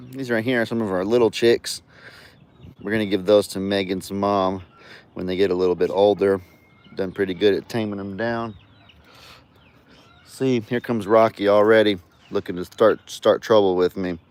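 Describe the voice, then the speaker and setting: A man's voice: lowish voice, steady tone, normal speed, long pauses, darkish tone, clean tone. Chatty man on his farm. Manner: chatty, talks to his animals in a doting voice. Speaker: farm vlogger. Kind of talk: casual farm vlog. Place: outdoors on a farm.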